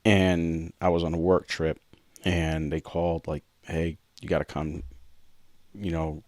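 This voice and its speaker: A podcast co-host earnestly and candidly shares a personal story, reenacting past conversations. His voice rumbles low with little pitch movement and a darkish tone, a bit slow, on a dry, clean studio recording.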